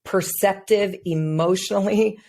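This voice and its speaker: A woman's voice: medium pitch, measured pace, a little mellow. A woman hosting a podcast who is a mother, sharing her own experiences in an earnest, personal way. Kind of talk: casual interview talk.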